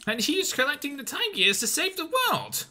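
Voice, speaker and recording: A man's voice: very high voice, very animated, moderate pace, sharp tone, voice pushed up, full character voice. A man voicing a fussy, squawking male parrot guild leader in a fan voice-over of a game. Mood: briskly summarizing.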